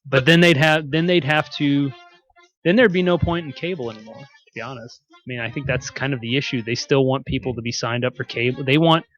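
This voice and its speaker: A man co-hosting a casual talk show, talking in a relaxed, conversational way. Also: mid-range voice, a little fast, dull audio. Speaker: podcast co-host. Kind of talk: casual chat.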